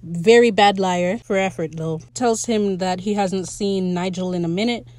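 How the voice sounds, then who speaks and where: A young woman hosting a casual solo podcast, chatty and excitable as she recaps a show. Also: mid-range voice, normal speed, no echo. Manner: chatty, excitable, quotes characters in playful voices. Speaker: podcast host.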